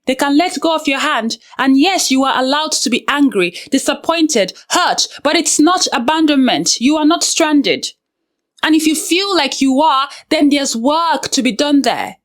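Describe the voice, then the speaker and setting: A young woman hosting a self-help video, giving earnest, direct advice to the viewer with frank personal asides. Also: high voice. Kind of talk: direct-to-camera advice talk.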